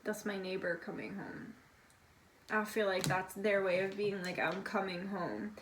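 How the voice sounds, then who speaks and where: A woman's voice: mid-range voice, level tone, normal speed, background noise. A young woman giving a casual tarot reading, relaying messages in a chatty, confiding way and swearing now and then. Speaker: tarot reader.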